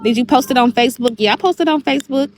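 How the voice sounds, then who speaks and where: A woman's voice: sits high, quick pace, darkish tone. A woman on a livestream, telling a long story in a rambling way, cursing and repeating herself. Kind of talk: heated livestream monologue.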